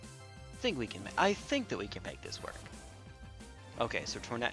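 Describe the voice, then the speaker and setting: A man's voice: medium pitch, wildly swooping pitch, moderate pace, a bit bright, soft background music. A man streaming online battles, joking and thinking aloud in casual commentary with lots of repeats.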